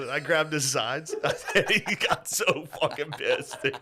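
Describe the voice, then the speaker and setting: A young man co-hosting a podcast in casual chat, telling animated stories and acting out his family, swearing freely. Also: mid-range voice, normal speed, noisy background. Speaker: podcast co-host.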